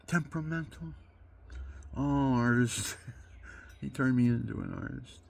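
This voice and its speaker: Gravelly older man preaching and rambling. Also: mid-range voice, measured pace. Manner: preachy, rambling, swings from hushed to loud. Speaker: amateur guitarist and video maker. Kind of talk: rambling monologue.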